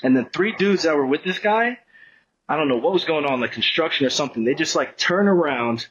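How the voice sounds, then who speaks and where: A man's voice: a little high, animated, brisk, a bit bright, highs cut off, slight background noise. A man guesting on a podcast, telling a long story in a rambling, profane, casual way and acting out what people said. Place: podcast studio.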